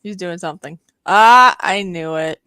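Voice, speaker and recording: A woman's voice: lowish voice, a little slow, bright, forceful tone, smooth, dry recording. Playful woman, dry close sound. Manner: playful, giggly. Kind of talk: casual group chat.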